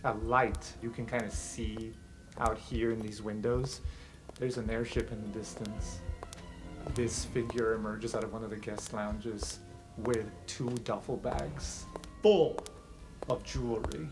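A man running a tabletop game as game master, describing scenes in a lively way that swings from hushed to excited. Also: fairly low pitch, a little slow, rough recording. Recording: background music under the voice.

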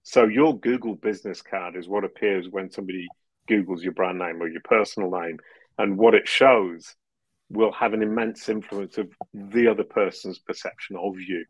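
Low-voiced man, lively explainer. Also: normal speed, slightly rough, dry recording, lo-fi sound. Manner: animated, laughs often, restarts phrases; explanatory, talks in long runs. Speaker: podcast guest. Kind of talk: casual interview chat.

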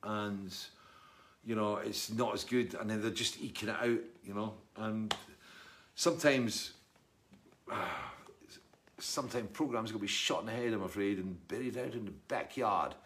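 Middle-aged Scottish musician, casual live chat, wry and rambling, lowish voice. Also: male voice, measured pace, fairly bright tone. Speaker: musician answering viewer comments.

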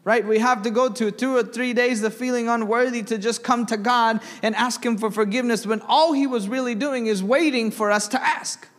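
A man's voice: very high voice, steady tone, normal speed, few pauses, fairly bright tone, in a large hall. A young man preaching a sermon in church, reading scripture aloud and asking the congregation questions. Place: church sanctuary.

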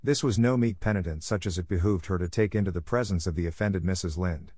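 A man narrating a classic novel as an audiobook, reading in a steady, even way. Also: sits low, quick pace, husky, no echo, studio quality. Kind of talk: scripted narration.

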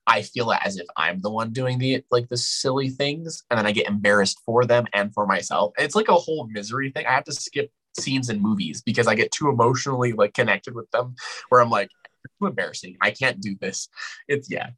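A man chatting as an actor guest on a podcast, hesitant, with many fillers and restarts, and his voice jumps up high when he quotes himself. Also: a bit bright, breathy edge, rough recording. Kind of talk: casual podcast chat.

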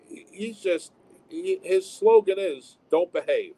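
Blunt, animated man. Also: high voice, slow pace, creaky, poor audio. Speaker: comedy club owner. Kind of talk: casual interview chat. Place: home town with fire sirens.

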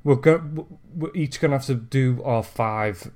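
A man's voice: medium pitch, measured pace, darkish tone. A man co-hosting a casual podcast, talking hesitantly with many ums and restarts and poking fun at himself. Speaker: podcast co-host. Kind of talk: casual chat.

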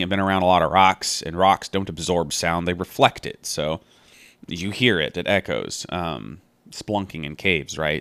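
A man with a deep, resonant voice walks through scripture in a loose, meandering commentary. He sounds earnest and reflective and works his ideas out as he goes. The sound is close and dry. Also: fairly bright tone, dry recording. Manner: thinking aloud, meandering and earnest. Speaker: Bible study podcaster. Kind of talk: casual spoken Bible commentary.

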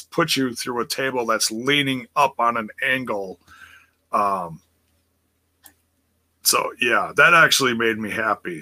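A man's voice: mid-range voice, pushed and bright. A man hosting a casual wrestling live stream, reading chat messages and rambling with repeated words and easy laughter.

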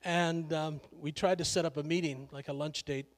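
A man's voice: a little high, fairly even intonation, moderate pace, long reverb tail. A male pastor preaching a sermon in a conversational, joking way, laughing often.

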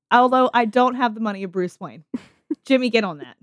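Woman podcast host, playful joking chat, fairly high voice, dry close sound. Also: normal speed, no echo. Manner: playful, joking, laughing often.

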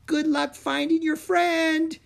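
Narrator doing a high sing-song fairy. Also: little pitch movement, slow pace, vocal fry, full character voice. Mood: playful. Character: playful female fairy, light and bright.

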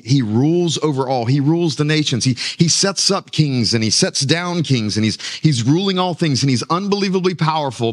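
Male pastor preaching with rising emphasis. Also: fairly low pitch. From United States. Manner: repeats words as he builds emphasis. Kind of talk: sermon.

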